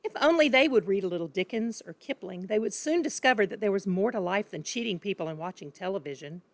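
A woman narrating a children's book in a calm, expressive reading voice. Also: mid-range voice, quick pace, dry recording. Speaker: reader. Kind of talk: storybook narration.

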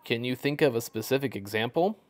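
A man's voice: medium pitch, brisk, dry recording, lightly acted. A man voicing an early chatbot therapist program that turns each remark back into a question. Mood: probing. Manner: mechanical, repeats the speaker's words back as questions.

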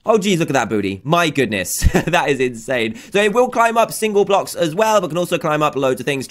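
A young man hosting a gaming channel, giving excitable commentary with frequent exclamations. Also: fairly high pitch, fairly quick, few pauses. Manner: animated, exclaiming, laughing often.

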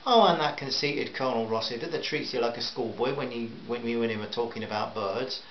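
A man's voice: medium pitch, fairly quick, lightly acted. A man voicing a cheeky, teasing Northern Irish wife with a lilting voice, in a roomy, slightly dull recording with faint hiss. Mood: curious.

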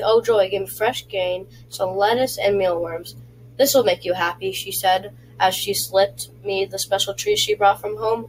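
A woman reading a children's chapter book aloud, in a halting way with frequent slips and restarts. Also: mid-range voice, a little hiss or hum, rough recording. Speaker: reader.

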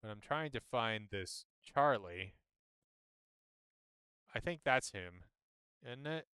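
A man streaming a game, chatting and thinking aloud as he plays, with sudden jumps in pitch when excited. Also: slow, clean tone, no echo, clean studio sound. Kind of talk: casual gameplay commentary.

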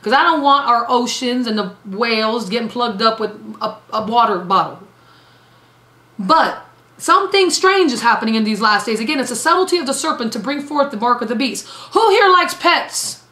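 A woman's voice: fairly high pitch, expressive, a little fast, pushed and bright. A woman evangelist preaching a sermon emphatically, repeating phrases for stress. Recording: roomy echo.

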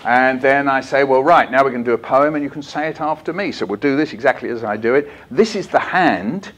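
A man's voice: medium pitch, quick pace, a bit bright. Playful man telling stories. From England. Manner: playful, acts out voices and leads call-and-response. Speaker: children's poet giving a storytelling masterclass. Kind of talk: lively storytelling talk to teachers. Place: conference hall.

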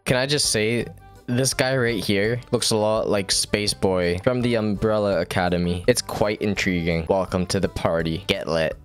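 A man hosting a gaming video, giving excitable, joking commentary with frequent swearing. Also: normal speed, soft background music. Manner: excitable, joking, swearing, jumps high when surprised. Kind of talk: gameplay commentary.

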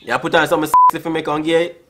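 A man's voice: fairly high pitch, flat delivery, racing, very noisy. A Jamaican man hosting a casual vlog, teasing and joking as he flirts with strangers on a video chat app, slipping into patois and calling everyone bro. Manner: playful, teasing, drops into patois, says "bro" often. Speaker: YouTuber host.

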